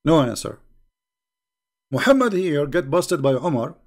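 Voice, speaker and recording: Very animated yet a little slow, a middle-aged man with a higher voice hosts a livestream debate. He is combative and mocking, hammering home points by repetition in polemical commentary.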